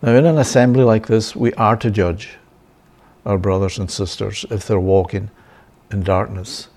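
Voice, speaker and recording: A man's voice: on the low side, fairly even intonation, normal speed, a little mellow. Man teaching scripture, frequent "yeah?". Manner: checks in with frequent "yeah?" and "right?", chuckling. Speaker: Bible teacher. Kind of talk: sermon-style Bible teaching.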